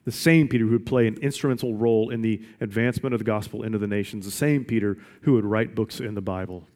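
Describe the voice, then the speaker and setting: A man's voice: fairly low pitch, fairly even intonation, quick pace, a little mellow. A man preaching a sermon as pastor, emphatic and repeating his questions for weight. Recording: long reverb of a large hall.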